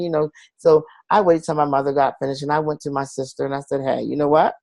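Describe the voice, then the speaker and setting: A man's voice: fairly high pitch, flat delivery, quick pace, gravelly, darkish tone, no echo. A middle-aged man being interviewed, telling a personal story in an earnest, confessional way and acting out the voices of the people he quotes. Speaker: guest.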